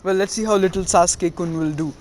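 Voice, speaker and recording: A man's voice: high voice, fast talker, darkish tone, slight background noise, natural voice. A man voicing a cocky, teasing teenage boy ninja in a fan retelling. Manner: smug, playful teasing.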